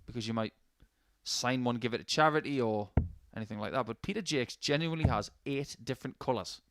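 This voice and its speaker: A man's voice: mid-range voice, fairly quick, fairly bright tone, a little hiss or hum. A man doing live darts commentary, chatty and anecdotal, with jokey asides between throws.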